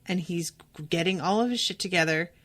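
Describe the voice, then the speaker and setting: A woman hosts a casual podcast and recaps a TV episode with animated emphasis. Her voice sits a little low, and she swears freely and speaks straight to her listeners. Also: a little fast. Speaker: podcast host.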